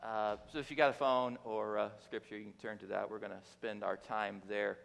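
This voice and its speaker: A man's voice: on the low side, little pitch movement, brisk, vocal fry, fairly bright tone. A man giving a casual, joking sermon from the pulpit, talking in a conversational way with frequent restarts and fillers. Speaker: guest preacher. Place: church sanctuary. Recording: long reverb of a church hall.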